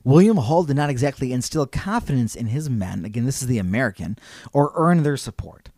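A man runs a relaxed history podcast, recounting events with bursts of joking and silly voices. His pitch moves a lot as he talks. The sound is close and dry, with no room around it. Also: a little fast, no echo. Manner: storytelling with jokey put-on voices, laughs a lot. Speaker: podcast co-host telling history. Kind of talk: casual history chat.

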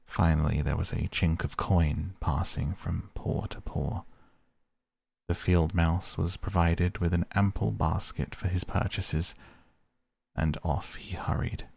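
A man softly reading a classic tale aloud as a bedtime sleep story. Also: low voice, steady tone, gravelly, husky. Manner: softly spoken, unhurried. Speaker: audiobook narrator, podcast host.

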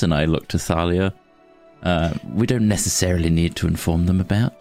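A player in a tabletop game, speaking in character in a measured way. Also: low voice, a little mellow, soft background music.

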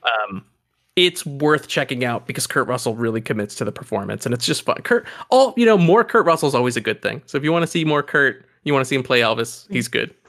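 A man co-hosting a podcast in casual film chat, enthusiastic and quick to laugh, recommending films with confidence. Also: medium pitch, animated, a bit bright.

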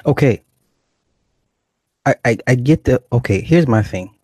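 A man's voice: medium pitch, lively intonation, unhurried, darkish tone, husky, no echo, clean studio sound. A man hosting a livestream, chatting casually and in a rambling, profane way, reading viewers' comments aloud. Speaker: livestream host.

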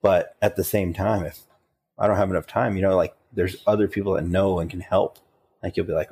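A man's voice: low-pitched, steady tone, a little fast, mellow, husky. A man co-hosting a casual podcast chat, talking easily about tabletop games. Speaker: podcast co-host and player.

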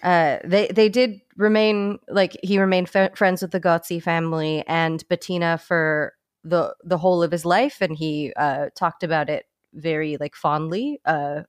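A woman's voice: fairly low pitch, steady tone, measured pace, hardly any pauses, clear, resonant tone, no echo, studio quality. A woman hosting a podcast, reading a story aloud from notes with comic asides, sometimes stumbling and correcting herself. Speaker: podcast host.

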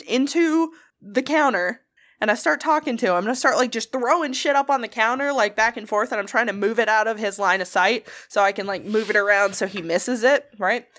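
Brief: woman, animated storyteller, higher pitch, wide lively intonation, swears freely. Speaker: podcast co-host. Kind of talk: casual storytelling chat.

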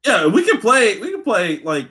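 A man co-hosting a casual podcast, talking fast and excitedly. His voice sits high and bright and swings widely in pitch. He laughs often and slips into acted-out voices as he retells a story. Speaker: podcast co-host. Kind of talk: casual chat.

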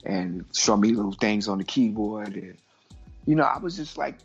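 A middle-aged man from Brooklyn, a guest on a casual podcast, telling lively stories and acting out the voices in them. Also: lowish voice, moderate pace, breathy edge. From Brooklyn, New York. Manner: animated storyteller, acts out voices in anecdotes. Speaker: guest artist. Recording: muffled lo-fi audio with faint music.

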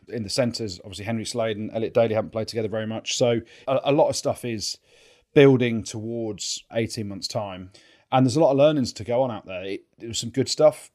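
A man's voice: lowish voice, darkish tone. An English man co-hosting a rugby podcast, telling stories in casual chat and swearing freely. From England. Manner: chatty storyteller, swears freely. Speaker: co-host, former rugby player.

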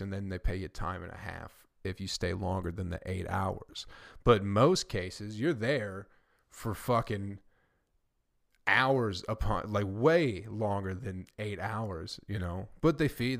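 A man with a fairly low voice hosts a casual solo podcast. He rambles through stories in a comedian's offhand way, swears constantly and leans on fillers like "like" and "uh.". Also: vocal fry. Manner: profane, rambling storytelling with many fillers. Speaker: podcast host; stand-up comedian.

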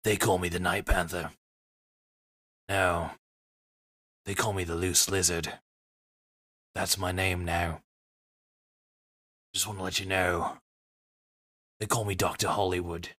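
A swaggering movie tough guy with a low voice, bragging in a mock-serious way, as a man does the impression. it sits close to an ordinary speaking voice. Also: level tone, slow pace, pauses often, bright, forceful tone, no room sound, exaggerated voice.

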